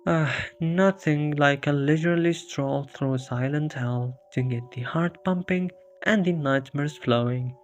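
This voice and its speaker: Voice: mid-range voice, unhurried, hardly any pauses, lightly acted. Narrator doing a jittery wisecracking horror hero, sarcastic, game parody, lo-fi. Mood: quipping. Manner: sarcastic, self-mocking quips. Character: wisecracking bewildered male hero lost in a horror town. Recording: dull lo-fi with faint music.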